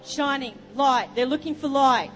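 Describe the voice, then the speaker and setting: High-voiced Australian woman preaching. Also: a little slow. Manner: storytelling, rambling asides. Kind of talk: sermon. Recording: long reverb with music behind.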